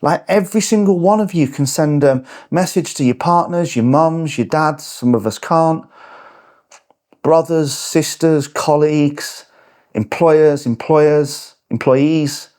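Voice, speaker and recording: A man's voice: fairly high pitch, slow, darkish tone. A man hosting a podcast as a coach, giving a blunt, punchy motivational talk with swearing. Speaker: podcast host and fitness coach. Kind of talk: motivational monologue.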